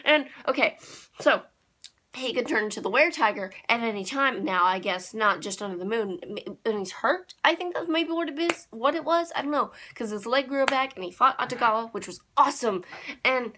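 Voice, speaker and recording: A young woman talking in a casual review with a bright, forceful voice pitched a little high. She gushes with animated excitement and often leaps far up in pitch when something thrills her. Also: brisk, slight background noise. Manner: gushing, animated, with big excited pitch jumps. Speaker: anime reviewer.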